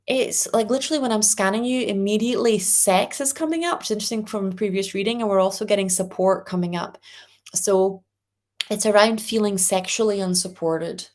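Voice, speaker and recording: A woman hosting a live spiritual reading, gently reassuring viewers and reading out their comments. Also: mid-range voice, a little fast. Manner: reads viewer comments aloud. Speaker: angel reading host.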